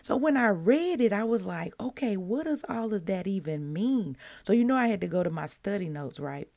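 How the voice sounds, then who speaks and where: A woman hosting a devotional podcast, earnest and emotional, her voice breaking into excited peaks as she shares her morning. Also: mid-range voice, normal speed. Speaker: podcast host.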